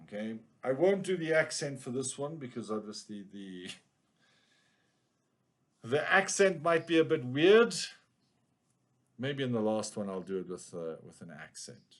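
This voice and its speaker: Male teacher for a lesson video; relaxed, slow and explanatory, checks in with the class often. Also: medium pitch. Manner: casual explaining, checks in with "okay?". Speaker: English teacher.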